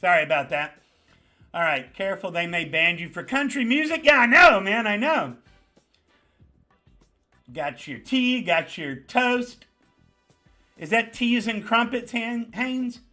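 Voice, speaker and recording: This is a man with a New York accent hosting a live chat, his voice bright and forceful and sitting a little high. He talks casually, hammers points home by repeating them, and greets viewers one by one. Faint music plays underneath. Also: slow, pauses often. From the Bronx. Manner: animated, greets viewers by name, emphatic repetition. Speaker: livestream host.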